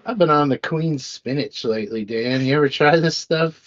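Man, sarcastic podcast co-host, slightly high voice, dull lo-fi sound. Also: moderate pace. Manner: wisecracking, sarcastic. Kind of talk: casual comedic banter. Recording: dull lo-fi audio, faint music.

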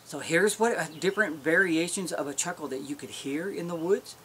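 A man's voice: a little high, brisk, bright, forceful tone, slight background noise. Folksy man teaching elk calls. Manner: folksy, explains step by step. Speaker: elk calling instructor. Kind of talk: instructional demonstration.

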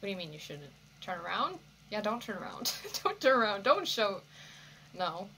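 A woman hosting an anime reaction, talking back to the screen in an expressive way and swearing freely. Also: mid-range voice, normal speed, slight background noise. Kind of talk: reaction commentary.

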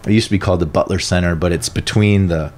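A man who is an art professor, telling stories in a casual podcast interview with lively, animated delivery. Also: deep voice, quick pace. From northern United States. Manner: animated, lively storyteller who acts out quotes. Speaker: guest, art professor and printmaker.

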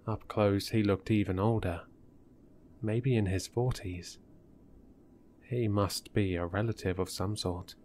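A man narrating a horror story in a measured, deliberate way. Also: fairly low pitch, steady tone, darkish tone, a little hiss or hum.

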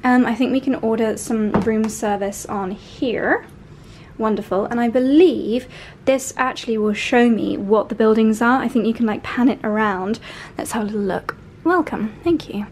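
A woman's voice: fairly high pitch, steady tone, normal speed, a little mellow, slight background noise. A woman, gushing with delight as she films a vlog tour of a luxury hotel room. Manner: gushing, breathless with delight, repeats exclamations. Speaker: fashion and lifestyle vlogger. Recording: music playing under the voice.

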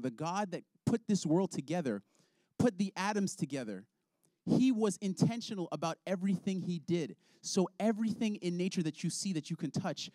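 A man leading a prayer and teaching children's ministry workers, telling stories in an earnest, animated way. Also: fairly high pitch, no echo, clean studio sound. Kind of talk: prayer and teaching talk with storytelling.

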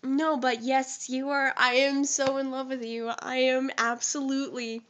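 A teenage girl talking into her phone from the couch, sick and a little rough in the throat. She rambles, gushes and giggles her way through a casual fan vlog. Her voice sits fairly high and bright, with a bright, forceful edge. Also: level tone, unhurried, lo-fi sound. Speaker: vlogger. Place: at home on a couch. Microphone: phone held close.

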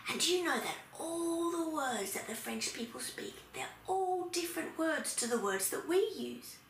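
A woman's voice: high voice, expressive, normal speed. An Australian woman demonstrating a playful preschool activity, acting things out as if for small children. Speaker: early childhood language teacher. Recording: echoey room with faint noise.

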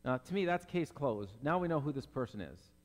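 A man's voice: mid-range voice, expressive, a little fast, long reverb tail. A male pastor preaching a sermon in an earnest, conversational way, acting out the people in the Bible story.

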